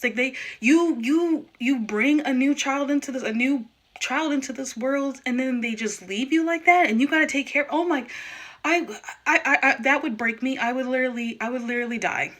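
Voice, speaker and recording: A woman's voice: fairly high pitch, bright, forceful tone. A young woman talking straight to camera in a candid personal vlog, emphatic and stumbling over repeated words when worked up. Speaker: vlogger.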